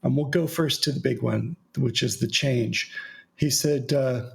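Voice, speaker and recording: A man with a gravelly, creaky edge to his mid-pitched voice hosts a relaxed podcast. He talks in a loose, storytelling way, full of "uh" and restarts. His tone stays conversational throughout. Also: a little slow. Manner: relaxed storytelling with frequent fillers. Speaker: podcast host. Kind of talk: casual podcast chat.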